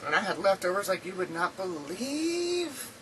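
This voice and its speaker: A woman's voice: medium pitch, big pitch swings, moderate pace, a bit bright, recorded from a distance, a little hiss or hum, poor audio. A woman chatting casually in a rambling video diary from home, laughing often, her throat dry and sore. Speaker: vlogger. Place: indoors at home.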